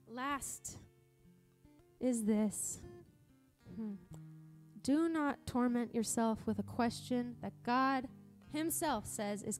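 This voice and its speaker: A woman's voice: fairly high pitch, darkish tone. A woman from Montana preaching a sermon in a church service, earnest and conversational, often restarting her sentences. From Montana, USA. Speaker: pastor.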